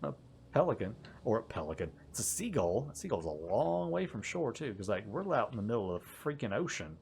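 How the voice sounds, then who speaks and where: A man giving casual gameplay commentary, animated and often laughing, exasperated at the game's behavior. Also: fairly low pitch, a little fast, gravelly, slight background noise. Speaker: gaming YouTuber.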